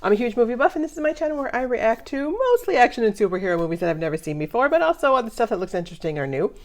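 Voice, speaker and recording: Middle-aged woman, movie reaction host, casual chatty commentary, lively rising and falling pitch, frequent laughs. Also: very fast.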